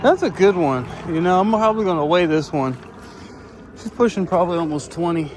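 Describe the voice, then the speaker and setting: Guy out of breath reeling in fish, kinda high voice, says y'all a lot, faint outdoor noise. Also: brisk. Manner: excited, drawling, calls viewers y'all. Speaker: fishing vlogger. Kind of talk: casual outdoor narration to camera. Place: outdoors on the water, fishing.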